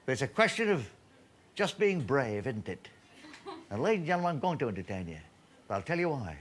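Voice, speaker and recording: A man's voice: medium pitch, very animated, a little fast, slight background noise, natural voice. A man doing a solemn showman. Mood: mock-solemn. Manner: mock-solemn stage address. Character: defiant male stage magician-entertainer, brave showman.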